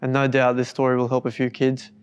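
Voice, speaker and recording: Brief: male interview host, resonant voice, flat and steady delivery. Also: medium pitch, clean tone. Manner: measured, summing up the guest's story.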